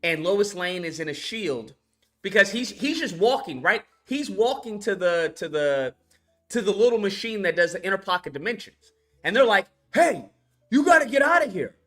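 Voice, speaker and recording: A man reviewing a film in a casual rant, animated and profane, laughing as he recaps scenes. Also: high-pitched, normal speed, faint music behind.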